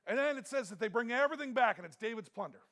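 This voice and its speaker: A man's voice: very high-pitched, animated, racing, bright, forceful tone. A man preaching a sermon as pastor, earnest and emphatic, often repeating himself and restarting phrases.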